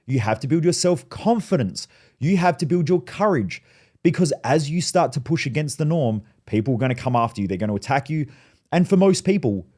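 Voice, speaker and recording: Male mindset coach, mid-pitched voice, blunt, profane, driving motivational delivery. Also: a little mellow. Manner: blunt, swearing, fired-up storytelling. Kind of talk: motivational monologue.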